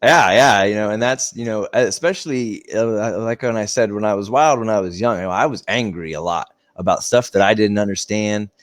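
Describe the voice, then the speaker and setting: A man's voice: lowish voice, brisk, few pauses, no room sound. A young American man talking earnestly in a casual interview, rambling with lots of fillers. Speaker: guest, slap fighting competitor.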